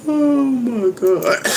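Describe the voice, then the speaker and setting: A man's voice: very high-pitched, vocal fry, heavy background noise. A man talking casually to his viewers, boastful and laughing, who keeps saying "you know what I mean". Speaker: vlogger.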